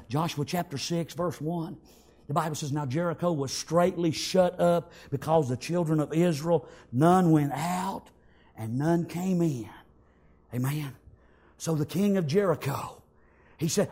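A man preaching a sermon, acting out the story, shouting some lines and whispering others. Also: fairly high pitch, slightly rough.

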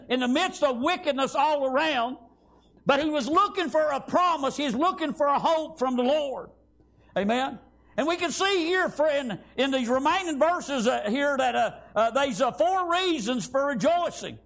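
High-voiced preacher full of amens. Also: male voice, expressive, vocal fry, a bit bright. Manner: halting, many fillers and restarts, calls of amen and praise God. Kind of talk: sermon.

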